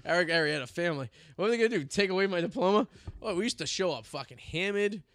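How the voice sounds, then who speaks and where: A man's voice: high-pitched, lively intonation, rapid-fire, fairly bright tone, no room sound. A man in his thirties hosting a podcast, telling crude jokes and stories with frequent laughs. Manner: crude, joking storyteller, laughs often. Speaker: podcast host. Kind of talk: casual podcast banter.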